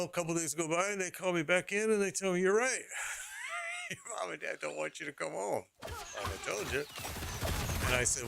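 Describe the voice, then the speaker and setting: A man's voice: mid-range voice, vocal fry, a bit bright. A middle-aged man streaming, telling a rambling personal story in casual talk, repeating phrases and laughing as he goes.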